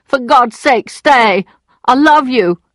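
A woman's voice: high voice, lively intonation, takes it slowly, a bit bright, dry recording, pitched above the performer's own voice, exaggerated voice. A woman doing a greedy begging lawyer. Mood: urgent. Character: greedy older male lawyer, pleading and lustful.

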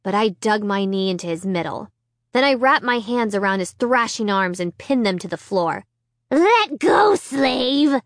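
A woman narrating a children's chapter book in the first person, with tense, expressive reading. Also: mid-range voice, normal speed, dry recording, studio quality. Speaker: audiobook narrator.

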